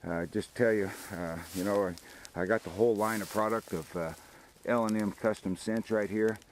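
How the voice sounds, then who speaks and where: A man's voice: fairly low pitch, fairly even intonation, moderate pace, a little hiss or hum, poor audio. An older man, hosting a hunting show outdoors by a field and rambling folksily about the hunt and his sponsors. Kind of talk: casual outdoor commentary.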